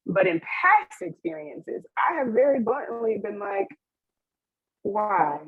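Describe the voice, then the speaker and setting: A woman's voice: sits high, lively intonation, a little slow, no echo. A young woman panelist on a video call, giving an open, emotional account with laughs and fillers. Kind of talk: candid personal account on a webinar panel. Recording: dry, husky, phone-like web call audio.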